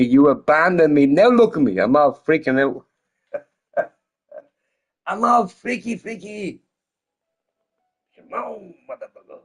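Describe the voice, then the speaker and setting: A man's voice: on the high side, vocal fry. A man streaming a game while a little drunk, chatting casually in a rambling way, swearing a lot and laughing often. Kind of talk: casual live-stream chat.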